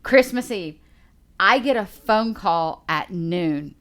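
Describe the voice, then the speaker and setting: Animated woman telling a story. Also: medium pitch, slow. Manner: animated storyteller acting out quoted dialogue. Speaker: podcast co-host. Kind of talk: casual chat, storytelling.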